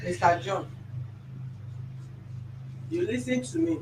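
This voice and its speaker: A woman's voice: mid-range voice, takes it slowly, noisy background. A Nigerian woman hosting a mediation session, firm and lecturing, giving commands. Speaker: mediator host. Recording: roomy office sound from a distance.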